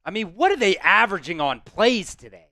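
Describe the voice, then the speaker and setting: A man's voice: sits high, sing-song, a little fast, pushed and bright, no room sound, clean studio sound. A man hosting a live fan stream, giving blunt, frustrated play-by-play with some swearing.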